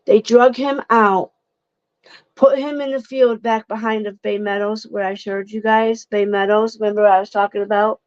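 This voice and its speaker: A woman's voice: mid-range voice, fairly even intonation, normal speed, no room sound. A young adult woman from Ohio commenting casually on true crime cases for her viewers, emotional and indignant, stumbling over words. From Ohio, United States. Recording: dull lo-fi dry sound.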